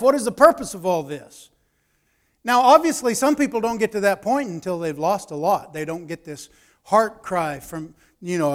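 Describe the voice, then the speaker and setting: A man preaching a sermon, dropping to quiet asides and rising to emphatic, raised passages. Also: high voice.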